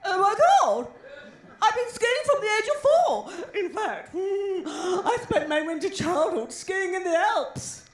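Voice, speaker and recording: A woman's voice: very high voice, big pitch swings, takes it slowly, voice pushed up, heavily acted. A woman voicing a smug, gushing posh woman who brags about skiing. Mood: incredulous. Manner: gushing, incredulous. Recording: echoey venue with background noise.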